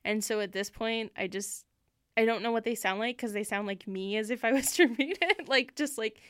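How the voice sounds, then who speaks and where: A woman's voice: a little high, moderate pace, fairly bright tone, clean tone, dry recording, clean studio sound. A young Canadian woman chatting casually about a book, laughing often and using lots of fillers. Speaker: book podcast co-host. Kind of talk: casual chat.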